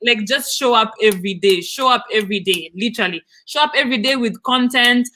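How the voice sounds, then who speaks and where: A woman's voice: on the high side, fairly quick, sharp tone. A woman, co-hosting a casual business chat and stressing her points by repeating them. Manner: emphatic, repeats key points. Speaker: co-host, business adviser.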